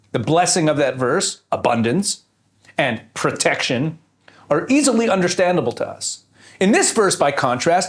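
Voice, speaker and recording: A man teaching scripture, explaining each point step by step and posing rhetorical questions to his audience. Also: on the high side. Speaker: Bible teacher.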